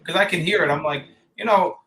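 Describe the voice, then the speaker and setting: A man's voice: high-pitched, brisk, pushed and bright, a little hiss or hum. A man co-hosting a casual podcast, easygoing and asking direct questions. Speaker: podcast co-host.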